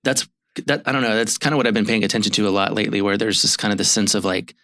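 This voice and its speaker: A man who hosts a marriage therapy show chats casually, rambling with lots of fillers and restarts. His voice is fairly low yet bright and forceful, delivered very fast. The recording is studio quality with no echo.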